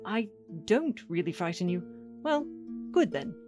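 A woman's voice: mid-range voice, very animated, a little slow, music in the background. A woman voicing a nervous, apologetic British man in a bathrobe, fussy and easily exasperated.

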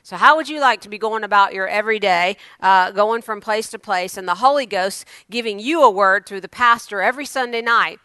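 A woman preaching a sermon, moving from loud exclamations to hushed asides. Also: mid-range voice, brisk, few pauses, clean tone, no room sound.

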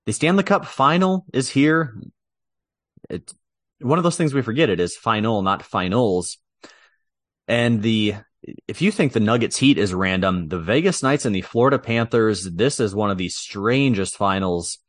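A man's voice: on the low side, lively intonation, normal speed, no room sound, studio quality. A man co-hosting a podcast, chatting casually and with opinions about sports, laughing easily. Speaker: podcast co-host.

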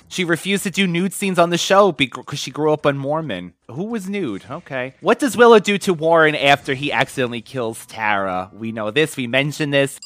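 Lively man reading trivia questions. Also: a little high, dry recording. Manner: animated, laughing, reads questions aloud. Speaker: quiz host. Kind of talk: casual trivia chat.

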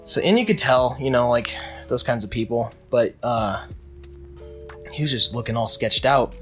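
A man's voice: medium pitch, moderate pace, fairly bright tone, faint music behind. Young man rambling through a story. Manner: rambling with restarts, acts out quotes. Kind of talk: casual storytelling chat.

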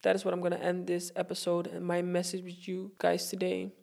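A woman's voice: on the low side, completely flat delivery, a little fast, vocal fry, darkish tone. Earnest woman hosting a motivational podcast. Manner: earnest, heartfelt, repeats phrases for emphasis. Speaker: podcast host. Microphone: self-recorded.

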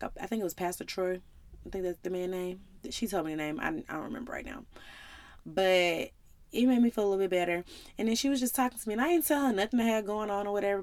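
A woman in her twenties hosting a casual podcast monologue, telling a personal story in an animated, slangy, conversational way and addressing listeners directly. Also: mid-range voice, no echo. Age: 20s. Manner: animated storyteller, acts out her own side of talks with God; slangy and conversational, calls listeners y'all and baby. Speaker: podcast host.

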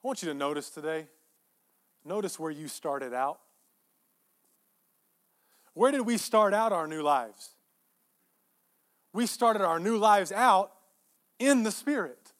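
A male pastor preaching a sermon, emphatic and repeating his phrases, swinging between soft asides and loud peaks. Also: sits high, expressive, slow, long pauses.

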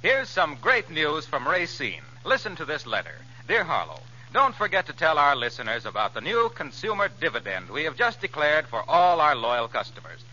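A man's voice: on the high side, big pitch swings, normal speed, hardly any pauses, pushed and bright. A man, a radio announcer, reading a scripted ad with an urgent salesman delivery. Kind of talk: scripted ad read. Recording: dull lo-fi old radio recording.

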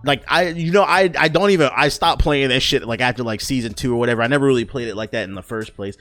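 A man's voice: mid-range voice, fast talker, a bit bright, no echo. A man hosting a casual solo podcast, joking and ranting with lots of swearing and restarts. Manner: profane, joking, rambling with restarts. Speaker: podcast host.

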